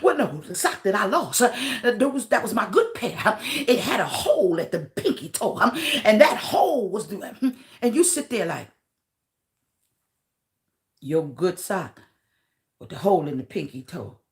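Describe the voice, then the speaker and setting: A woman's voice: mid-range voice, very animated, pitched below the performer's own voice. A woman putting on a whiny attention-seeker. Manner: plaintive, petty, drawn-out complaining. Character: whiny attention-seeking churchgoer fussing over trifles.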